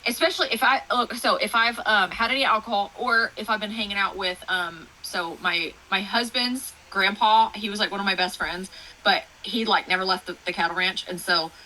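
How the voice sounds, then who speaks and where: Bright-voiced Texan woman with faint hiss. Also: medium pitch, normal speed, poor audio. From Texas. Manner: rambling, animated storytelling with fillers. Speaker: guest author. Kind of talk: casual interview chat.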